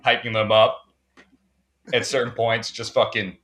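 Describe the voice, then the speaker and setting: A man's voice: mid-range voice, level tone, a little slow, a bit bright. A young man co-hosting a casual chat, laid-back, swearing freely and trailing off with "you know".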